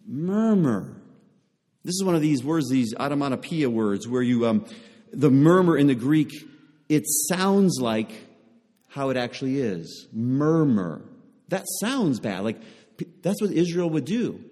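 A man's voice: mid-range voice, animated, normal speed, a little mellow, in a large hall. A man preaching a sermon to a congregation, pressing them with repeated rhetorical questions. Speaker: pastor.

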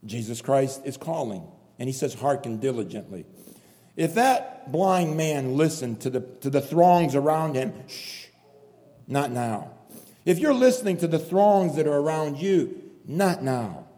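A man delivers a pleading, impassioned sermon in a fairly high but warm, mellow voice. He leans on repeated phrases to drive each point home. His words ring out with a long reverb in a church hall. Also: lively intonation, moderate pace. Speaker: preacher.

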